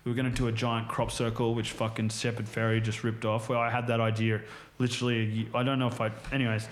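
A man's voice: mid-range voice, little pitch movement, fast talker, slight background noise. A man, a podcast guest, telling stories casually in a rambling way, swearing constantly and filling his speech with "like" and "right?". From Australia. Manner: rambling, heavily profane storytelling full of fillers. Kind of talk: casual chat, storytelling. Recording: roomy echo.

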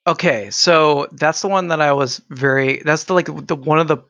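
A man's voice: a little high, moderate pace, gravelly, fairly bright tone, dry recording. A man co-hosting a casual podcast, joking and self-deprecating. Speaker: podcast co-host.

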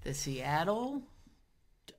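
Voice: medium pitch, very animated, slow. A podcast co-host in casual chat, teasing and playfully guessing.

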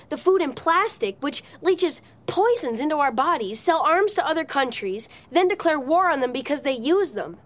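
A woman delivering a cynical, preachy rant in a scripted TV drama scene. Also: sits high. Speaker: teen character in a TV drama clip.

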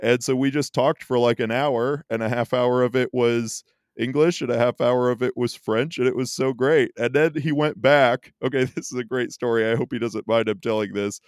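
A man's voice: medium pitch, steady tone, moderate pace, no echo, clean studio sound. A man co-hosting a casual podcast, telling rambling stories in a chatty way. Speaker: podcast co-host.

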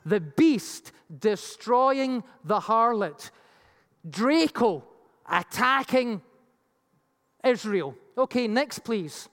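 A preacher giving an animated Bible teaching sermon with slides, acting out the voices it quotes. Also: medium pitch. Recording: long reverb of a large hall.

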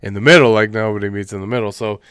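Chatty man with a smooth clear voice. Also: fairly low pitch, rapid-fire, no room sound, studio quality. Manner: animated, acts out quotes in funny voices, says "like" a lot. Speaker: podcast co-host. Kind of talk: casual chat.

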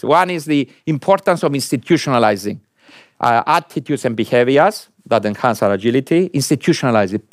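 A man addresses an audience in a lecture, questioning them and stressing points with an emphatic rise in pitch. The audio is studio quality, with no echo.

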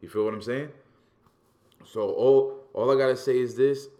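A man with a somewhat low voice chats casually as a podcast co-host. He gets animated and profane, restarting phrases as his excitement builds. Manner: animated, profane, repeats words when excited. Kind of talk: casual wrestling talk.

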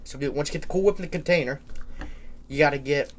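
A young man co-hosting a casual podcast, excitable and loud at times, swearing freely. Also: fairly high pitch, fast talker, a little hiss or hum. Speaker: podcast co-host. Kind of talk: casual chat.

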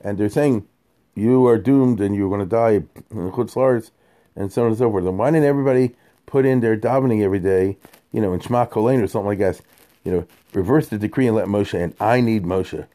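Male Torah teacher, low dark voice, lively conversational lecture style. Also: fast talker. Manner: animated, conversational, heavy Yiddish and Hebrew terms.

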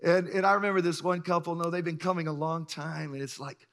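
Middle-aged guy preaching, bright forceful voice, tells stories and does little voices, laughs a lot. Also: on the high side, fairly quick. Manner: animated storyteller, acts out voices, chuckles often. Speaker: pastor. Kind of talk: sermon with stories.

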